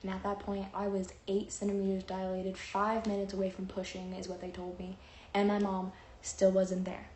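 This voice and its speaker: A woman's voice: mid-range voice, completely flat delivery, normal speed, darkish tone. A young woman telling a long personal story in a chatty, rambling way, with lots of fillers and acted-out quotes. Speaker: vlogger. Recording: roomy echo, faint noise.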